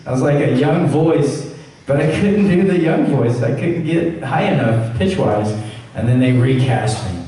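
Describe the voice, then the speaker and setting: A man, a voice actor, telling stories and answering fan questions on a convention panel, acting out quoted lines in a higher voice. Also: expressive, a little slow, dark tone, slight background noise. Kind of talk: Q&A panel storytelling. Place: large echoey event hall. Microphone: room recording from the audience. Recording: echoey hall, far from the mic.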